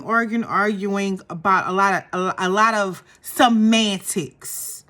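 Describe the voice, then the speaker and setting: A young woman, chatting casually and gossiping as she recaps a reality show. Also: medium pitch. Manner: animated and gossipy, acts out quotes.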